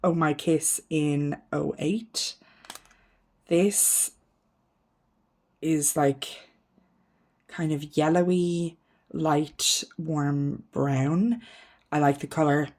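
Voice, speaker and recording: A woman's voice: sits low, fairly even intonation, extremely slow, pauses often, a little mellow. A woman beauty vlogger chatting casually as she sorts through her makeup, thinking aloud, frank and self-mocking, trailing off into ums. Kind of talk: casual makeup declutter chat.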